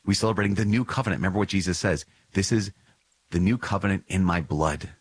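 Low, husky man giving earnest commentary. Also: fast. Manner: earnest and emphatic, with warm chuckles and repeated phrases. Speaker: podcast host. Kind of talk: reflective commentary on a religious text.

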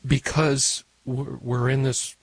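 Gravelly husky man giving measured advice. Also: medium pitch, little pitch movement, dry recording. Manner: measured, gently reassuring explanations. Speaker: radio show guest answering callers. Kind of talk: call-in radio advice.

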